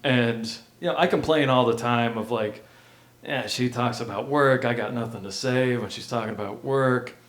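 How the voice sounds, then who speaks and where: A man from Florida, a comedian guest on a casual podcast, laid-back and laughing often, dropping to mumbles and then jumping up loudly. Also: medium pitch, normal speed. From Florida, USA. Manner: laid-back, laughs often, swings between mumbling asides and loud bursts.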